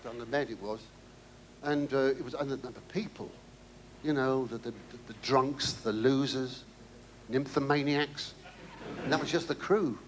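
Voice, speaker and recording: A man's voice: medium pitch, normal speed, background noise. Older man, rambling stand-up comic. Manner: rambling, stammering, wry asides. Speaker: comedian. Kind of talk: stand-up audience Q&A.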